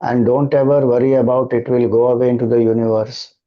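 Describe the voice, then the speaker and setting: A man with an Indian English accent, a spiritual teacher giving a devotional talk and answering questions in a slow, measured, calm cadence. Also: mid-range voice, muffled recording.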